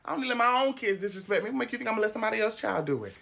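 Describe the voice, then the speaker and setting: Guy doing a bossy detention teacher lady, scolding and sassy, bright tone. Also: lively intonation, very fast, creaky, a little hiss or hum, exaggerated voice. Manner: scolding, sassy, low-key. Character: stern no-nonsense woman school detention teacher.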